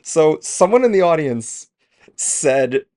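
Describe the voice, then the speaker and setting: A man's voice: fairly high pitch, big pitch swings, slow pace, a little mellow. A man co-hosting a trailer reaction show in casual chat, rambling and self-deprecating and swearing freely as he goes.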